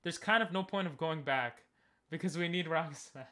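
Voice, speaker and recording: Young man, game streamer, casual commentary, joking, chatting with viewers, fairly high voice. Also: normal speed, bright, forceful tone. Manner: chatty, joking, talks to chat.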